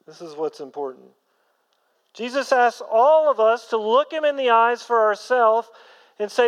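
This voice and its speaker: A man preaching a sermon as pastor, earnest, rising to emphatic peaks and then dropping low. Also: lively intonation, measured pace, big-room sound, dull audio.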